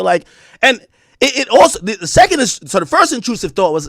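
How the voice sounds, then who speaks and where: A man's voice: very high-pitched, very animated, fast talker, fairly bright tone, no echo, clean studio sound. A man telling a long, profane story in a casual rant, rambling with many restarts and bursts of laughter. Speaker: streamer and commentator.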